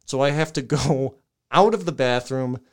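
A young man with a smooth, resonant voice in the middle pitch range spins a rambling, swear-laden story for his podcast co-hosts. He talks casually and laughs at himself along the way. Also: moderate pace. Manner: profane, animated storytelling with laughs. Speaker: podcast co-host.

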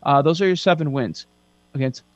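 Brief: male betting-show host, a bit high-pitched, sarcastic, dry booth with faint hum. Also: no echo, muffled recording. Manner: sarcastic, lists facts quickly. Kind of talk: casual sports betting chat.

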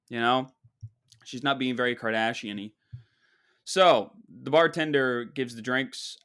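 Male podcast host, comedic rambling storyteller, sarcastic and mock-boastful, mid-pitched voice. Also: unhurried, a bit bright, smooth.

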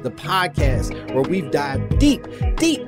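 A man's voice: on the high side, very animated, slow, loud music behind the voice. A man hosting a comedic podcast in casual chat, playful and mock-grandiose, riffing in exaggerated voices. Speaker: podcast host.

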